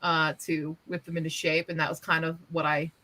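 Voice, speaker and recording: A woman in casual chat, an animated storyteller who swears freely and acts out quotes. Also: sits low, a little fast, poor audio.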